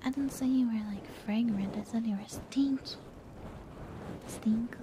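A young woman streaming ASMR, chatting casually in a soft whisper and a low, slightly husky morning voice, a little congested from allergies. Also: unhurried, background noise.

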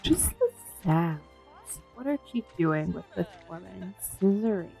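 A woman commentating casually on her own gameplay, gasping and voicing the characters in quick asides. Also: on the low side, expressive, creaky, dark tone, soft background music, low-quality recording. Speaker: gameplay streamer. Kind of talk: casual let's-play commentary.

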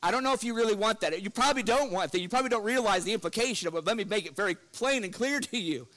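A man with a high, light voice delivers an evening church lesson. He talks earnestly, pushing harder when he reads scripture aloud and chuckling through homely stories. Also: rapid-fire, fairly bright tone. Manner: earnest, rises in pitch and force when quoting scripture; breaks into chuckles while telling stories. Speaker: preacher.

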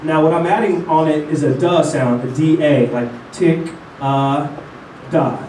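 A man's voice: fairly high pitch, a little slow, a little mellow, soft background music. Man, teacher, coaching a class, has them repeat after him, echoey room, mic set back. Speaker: didgeridoo teacher. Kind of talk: instructional lesson. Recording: roomy sound, mic at a distance.

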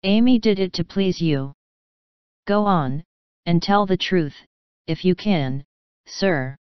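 A woman's voice: on the low side, expressive, clean tone, no room sound, dull audio. A woman doing a frank, teasing young woman. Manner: brisk, affectionate teasing.

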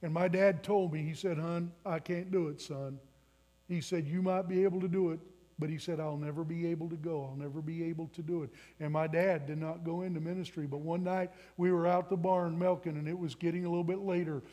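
A man's voice: fairly high pitch, little pitch movement, fast, warm tone. A man in his twenties preaching a sermon in a church, telling a personal story earnestly and building to emphatic appeals. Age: 20s. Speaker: pastor. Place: church sanctuary.

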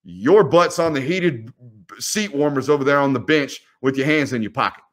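A man's voice: mid-range voice, normal speed, a bit bright. A young man, hosting a casual football film breakdown, teasing players with rhetorical questions. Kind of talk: casual video commentary.

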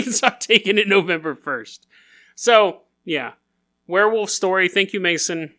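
A podcast host with a high, bright, forceful voice tells stories at an unhurried pace. His style is casual and joking, full of frequent laughter and silly put-on voices.

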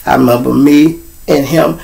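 A man's voice: fairly high pitch, steady tone, normal speed, vocal fry, darkish tone, low-quality recording. A middle-aged man, the host, telling street stories in a casual, profane monologue aimed straight at his viewers. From Chicago. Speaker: storyteller host.

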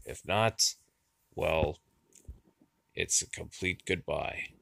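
Male YouTuber, casual vlog; low rough voice, dry close sound, sighs and stalls between phrases. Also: fairly bright tone, dry recording. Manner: halting and weary, with sighs and fillers.

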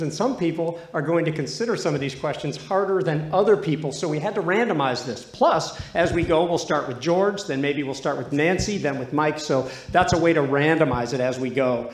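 A man's voice: on the high side, fairly quick, few pauses. A man hosting a live trivia game in a hall, joking and loose with the contestants. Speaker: trivia show host. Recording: echoey hall.

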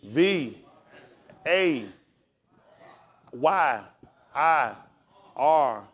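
A man's voice: fairly high pitch, lively intonation, extremely slow, fairly bright tone. Male pastor, preaching in call-and-response and spelling out words. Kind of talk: sermon and scripture teaching.

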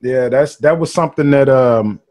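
A man's voice: medium pitch, normal speed, a little mellow, slight background noise. A man hosting a casual interview podcast, mostly answering with brief agreeing interjections. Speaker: podcast host.

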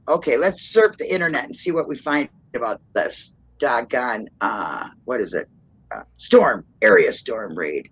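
Rambling lo-fi woman with a lively voice. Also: very deep voice, a little slow, slightly rough. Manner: rambling, self-described loudmouth, laughs often. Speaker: stream host. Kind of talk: casual livestream chat.

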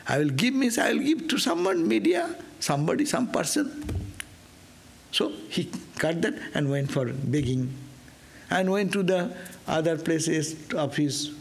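Male monk storyteller for a scripture class, lively pitch, unhurried delivery. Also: creaky, slight background noise. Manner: animated storyteller, acts out voices, asks "no?". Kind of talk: sermon storytelling.

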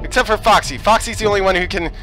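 High, bright, excitable gaming man. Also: fast talker, soft background music, rough recording. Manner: excitable, swearing, yelling at the game. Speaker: let's play host. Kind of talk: let's play commentary.

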